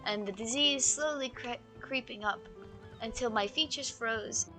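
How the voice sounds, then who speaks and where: A woman's voice: a little high, a little slow, bright, forceful tone, soft background music. A woman voicing a pompous, aging male art curator in a put-on British accent, reading game dialogue aloud with grandiose, theatrical phrasing. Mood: rueful.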